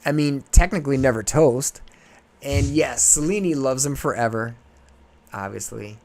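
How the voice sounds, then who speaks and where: A man's voice: medium pitch, unhurried, gravelly. Man casually retelling a myth. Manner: rambling, animated, lots of "like". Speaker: podcast host. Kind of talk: casual storytelling chat.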